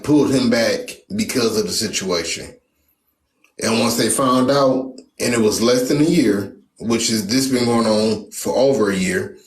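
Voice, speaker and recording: A man talking in a casual debate, hesitant and halting, often restarting his sentences. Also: mid-range voice, echoey room.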